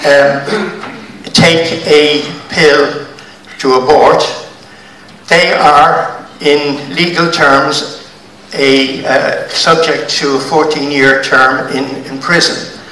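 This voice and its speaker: An older man, asking an emphatic, halting question from the floor at a public debate. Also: a little high, steady tone, pushed and bright, slight background noise. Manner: emphatic, halting, stresses words. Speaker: audience member asking a question. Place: large hotel function room. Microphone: handheld mic passed through audience. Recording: echoey room, voice from far off.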